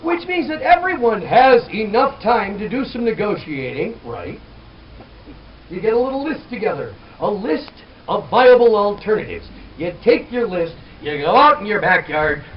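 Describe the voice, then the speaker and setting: A middle-aged man doing stand-up comedy for a festival crowd, animated and shouting out names. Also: high voice, unhurried, muffled recording. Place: outdoor festival stage. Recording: distant crowd-noise camera audio.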